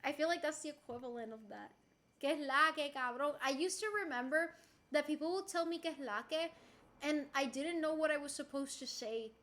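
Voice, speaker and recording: This young Puerto Rican woman has a high, brisk voice as she chats loosely with her stream audience. Giggling and playful, she drops the occasional swear word.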